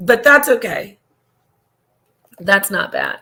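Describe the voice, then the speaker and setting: A woman's voice: medium pitch, a little slow, fairly bright tone. Rambling, emotional woman streaming live. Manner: rambling and emotional, with frequent laughs and restarts. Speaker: livestream host reading viewer comments. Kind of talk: casual livestream chat.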